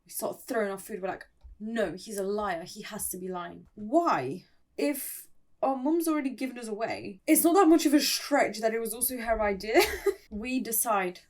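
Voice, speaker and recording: A young woman in a casual, playful recap of an online story, chatty and laughing often, with dramatic asides. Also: a little high.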